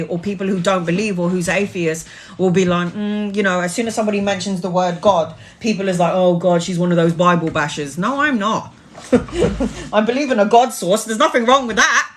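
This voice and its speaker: A woman's voice: mid-range voice, fairly bright tone, a little hiss or hum. Earnest, rambling woman tarot reader. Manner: earnest, spiritual, blunt with the odd swear; loose, rambling delivery full of restarts. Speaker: tarot reader on a live stream. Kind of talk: casual live-stream storytelling.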